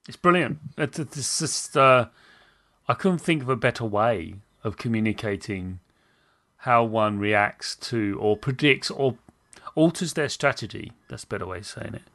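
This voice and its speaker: A man's voice: mid-range voice, animated, a little slow, fairly bright tone. A man hosting a podcast interview, chatting casually and enthusiastically with self-deprecating asides. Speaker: podcast host.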